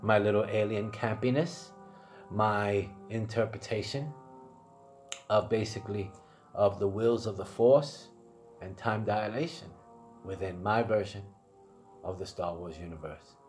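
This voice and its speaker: A man's voice: lowish voice, unhurried, pauses often, a little mellow, soft background music. A man narrating his own improvised fan role-play story as channel host, rambling and correcting himself as he goes.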